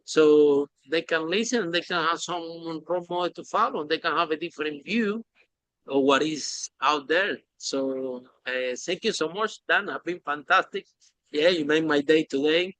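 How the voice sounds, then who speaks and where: A man hosting a podcast interview, talking in an animated, emphatic way with phrasing. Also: on the high side, normal speed, no room sound, poor audio. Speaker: podcast host. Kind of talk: casual interview chat.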